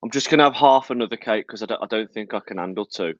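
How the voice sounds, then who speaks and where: A man from Birmingham, England, with a Birmingham accent co-hosts a casual live podcast, chatty and teasing as he talks between bites of food. His voice is lowish and quick, and the recording sounds dull, lo-fi and dry.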